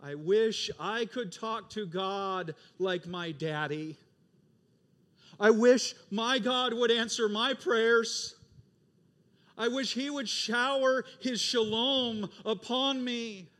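A man voicing a wistful onlooker who longs for what another person has, with high, pleading phrases. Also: lively intonation, natural voice. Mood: longing. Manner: high, pleading, drawn-out wonder. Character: wistful envious onlooker, longing.

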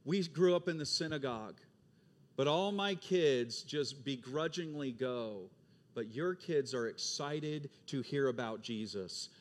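A man voicing a wistful onlooker who longs for what another person has, with high, pleading phrases. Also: natural voice. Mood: longing. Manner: high, pleading, drawn-out wonder. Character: wistful envious onlooker, longing.

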